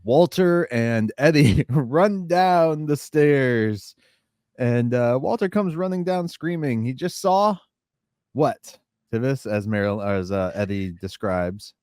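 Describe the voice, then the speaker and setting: A podcast co-host chatting casually with skeptical, wry remarks. His pitch moves around in a lively way. The recording is dry and close, with no room sound. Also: slow pace, smooth, no echo. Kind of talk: casual recap chat.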